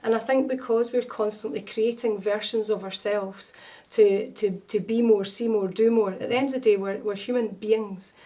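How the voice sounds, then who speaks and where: A woman's voice: medium pitch, fairly even intonation, normal speed, hardly any pauses, mellow. A woman, telling stories as an interview guest, with many fillers and restarts. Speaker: wellness consultant guest. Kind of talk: casual interview chat. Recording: voice a bit far from mic.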